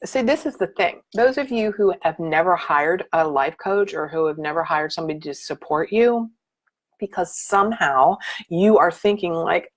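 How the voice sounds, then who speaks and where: A middle-aged woman with a slightly low voice coaches her viewers on a casual live stream. She talks in an animated, motivational way, leaning hard on key points. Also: a little slow. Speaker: life coach.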